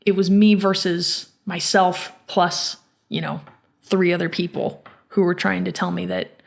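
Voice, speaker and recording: A woman hosting a personal storytelling podcast, speaking in a reflective, halting way with many restarts. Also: fairly low pitch, little pitch movement, vocal fry. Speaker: podcast host.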